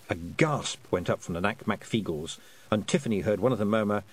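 A man reading a novel aloud as an audiobook, with expressive storytelling. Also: on the low side, brisk, husky. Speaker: audiobook reader. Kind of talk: audiobook narration.

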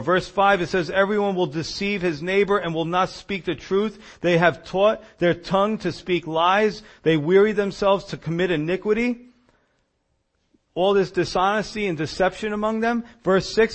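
A man preaching a sermon as a pastor, reading scripture aloud and pressing his points with passion. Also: high voice.

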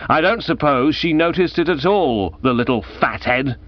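A man's voice: a little high, lively intonation, normal speed, no echo, pitched above the performer's own voice. A man voicing a testy, starving young gent. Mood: irritable. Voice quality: rasping bark. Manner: testy, exasperated outbursts. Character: famished irritable young gentleman, sulky and snappish. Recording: dull lo-fi audiobook recording.

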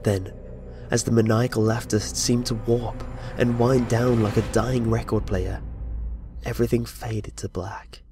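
A man's voice: mid-range voice, level tone, unhurried, dark tone. Man narrating a dramatic horror story. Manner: tense, dramatic first-person telling. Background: faint music.

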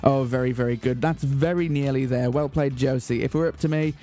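A man's voice: mid-range voice, steady tone, a little fast, mellow, faint music behind. A man hosting a community radio show, announcing with mock-grand, earnest comic delivery in a studio. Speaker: radio host. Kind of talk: deadpan comic radio presenting.

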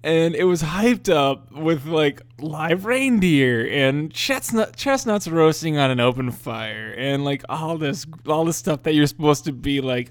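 A man's voice: on the high side, animated, a little slow, hardly any pauses, no echo. A young man hosting a podcast, telling a story casually, often laughing and swearing as he talks. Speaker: podcast host.

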